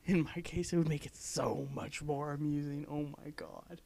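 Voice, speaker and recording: Young adult, giddy, gravelly voice, mellow tone, reading blog posts aloud, fits of laughter. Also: mid-range voice, steady tone, normal speed. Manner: giddy, keeps breaking into helpless laughter. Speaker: blogger.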